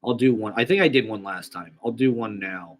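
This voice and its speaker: A young man with a slightly low voice, talking casually in a rambling monologue. He swears freely and pokes fun at himself. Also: brisk. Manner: rambling, profane, self-deprecating.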